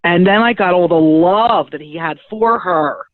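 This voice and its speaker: A middle-aged woman, a spiritual medium and guest, telling her story in a lively, chatty way and acting out the conversations in it. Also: fairly low pitch, unhurried, no echo. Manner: lively, chatty, acts out the dialogue in her stories. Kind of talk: animated personal storytelling. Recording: thin phone-like dry sound.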